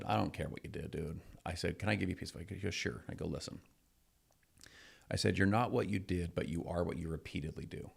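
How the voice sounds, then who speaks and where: A middle-aged man hosting a podcast, chatting casually and telling stories with lively acted-out quotes. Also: sits low, gravelly, slightly rough. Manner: energetic, acts out quoted voices in anecdotes. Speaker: podcast host. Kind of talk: casual chat, storytelling.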